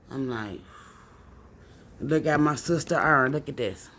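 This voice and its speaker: Young woman, emotional confessional vlog delivery, tipsy, swinging from hushed to loud and cursing. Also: lively intonation, moderate pace, pauses often. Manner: raw, profane, swings from low and subdued to loud and angry. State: tipsy from drinking. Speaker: vlogger. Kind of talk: emotional personal storytelling.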